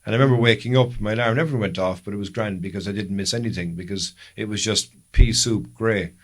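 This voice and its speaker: A man's voice: fairly low pitch, fast talker. An Irish man co-hosting a podcast, chatting casually and telling long, rambling stories that he often corrects as he goes. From Ireland. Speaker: podcast co-host. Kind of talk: casual chat.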